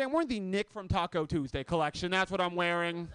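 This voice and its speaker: A man in his thirties doing a loose stand-up set on a club stage, with shouted punchlines. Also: high voice, very animated, fast talker, clean tone, no echo. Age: 30s. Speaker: stand-up comedian.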